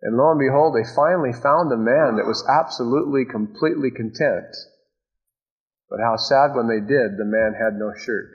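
A man preaches in a conversational way, reading scripture and then slipping into playful, everyday asides. His voice sits at a middling pitch. The recording sounds slightly muffled and lo-fi. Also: normal speed. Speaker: pastor. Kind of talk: sermon.

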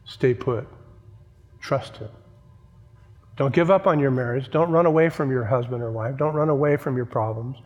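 A man's voice: medium pitch, moderate pace, long pauses, muffled recording. A male pastor preaching a sermon, emphatic, repeating key phrases and asking the congregation for an amen. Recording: long church reverb.

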